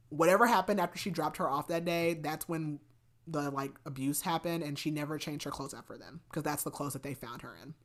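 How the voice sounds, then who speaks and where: Female podcast host, lower voice, casual rambling book recap. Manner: chatty, many fillers and restarts.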